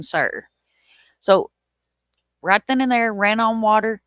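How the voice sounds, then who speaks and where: Woman, casual storytelling, animated, curses freely, dry close sound. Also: mid-range voice, slow, long pauses, clean tone, no room sound. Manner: animated, swearing, acts out quotes in a raised voice. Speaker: live chat host.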